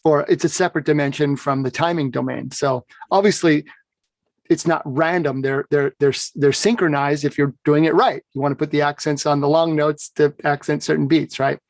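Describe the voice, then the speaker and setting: A man's voice: on the high side, fairly even intonation, moderate pace, dry recording. A man teaching bagpipe playing in an explanatory conversation, often checking in with "right?". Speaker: bagpipe instructor. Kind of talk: instructional conversation.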